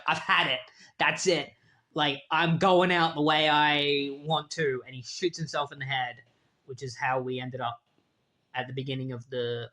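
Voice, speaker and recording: A man's voice: a little high, a bit bright. A man casually retelling a comic book story in a loose, chatty way, often saying "like".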